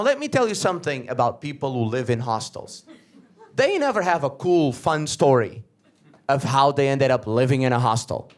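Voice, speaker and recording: A young man from Portugal, doing a stand-up comedy set on a club stage, telling animated stories with frequent "right?" asides. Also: a little high.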